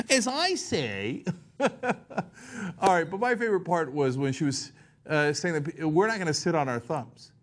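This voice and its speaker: A man with a high, lively voice that leaps up and down as he mocks a political speech, sarcastic throughout. He hosts a satirical commentary show and often laughs at his own jokes. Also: takes it slowly, pauses often.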